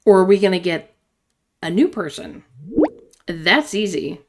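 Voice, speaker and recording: A woman's voice: lowish voice, animated, unhurried. A woman hosting a gaming channel, reading a text game's chats aloud with chatty asides and frequent laughter.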